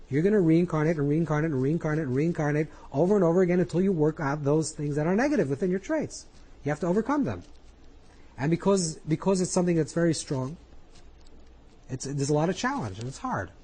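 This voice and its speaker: A man's voice: on the high side, warm tone, husky, poor audio. A man, a rabbi, giving an earnest spoken Torah class, coaching listeners through their inner voices with frequent repetition.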